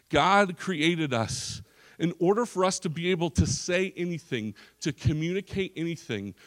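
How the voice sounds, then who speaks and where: A male pastor preaching a sermon in a church service, emphatic, with frequent restarts and repeated phrases. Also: a little high.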